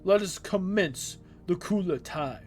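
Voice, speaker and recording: A man voicing a new emperor opening a council in a measured, ceremonious way. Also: high-pitched, lively intonation, a little mellow, faint music behind. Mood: solemn.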